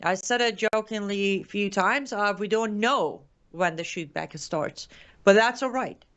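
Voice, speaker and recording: A woman's voice: mid-range voice, fairly bright tone, dull audio. A woman from Iran with an Iranian accent, hosting a live commentary show and reading viewer comments with passion and emotion. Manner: impassioned, emotional, rapid restarts. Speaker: show host.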